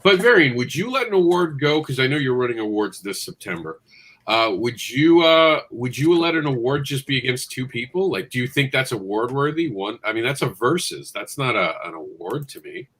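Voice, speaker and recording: Male host on a remote call, lively pitch, impassioned and talks over guests. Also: normal speed, husky. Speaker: livestream show host. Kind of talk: casual panel chat.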